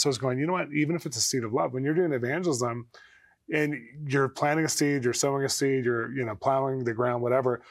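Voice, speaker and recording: A man speaks fast and animatedly as a guest on a faith talk show. He tells personal stories and acts out his own inner voice, at a middling pitch. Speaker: guest, prophet. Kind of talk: storytelling in a talk-show interview.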